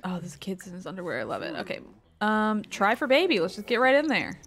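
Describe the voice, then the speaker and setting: A woman's voice: medium pitch, very animated, fast, a bit bright. A woman streamer giving casual gameplay commentary, exasperated and swearing, with muttered asides.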